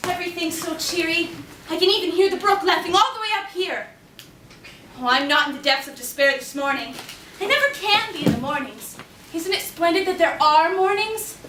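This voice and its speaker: A talkative, imaginative orphan girl voiced by an actress pours out her words in a high, bright, effusive stream. It is a stage play, caught from a distance in a roomy hall. A faint hiss sits under it. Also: lively intonation, brisk, full character voice. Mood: dreamy. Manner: gushing, breathless and effusive. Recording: echoey hall, distant mic, faint noise.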